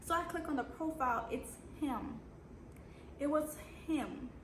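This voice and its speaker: A young Jamaican woman talking through a storytime vlog in a blunt, sassy, slangy way, her voice sitting a little high. She sounds like she's in an echoey room with steady background noise. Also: unhurried. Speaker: vlogger.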